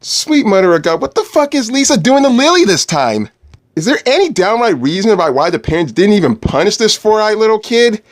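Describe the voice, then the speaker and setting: A man's voice: sits high, big pitch swings, brisk. A man reviewing a cartoon episode, crude and exasperated, swearing often. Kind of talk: profane commentary over clips.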